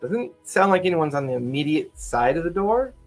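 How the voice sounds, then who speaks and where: A man running a tabletop game as game master, narrating in a relaxed, halting way with repeats. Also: on the high side, soft background music.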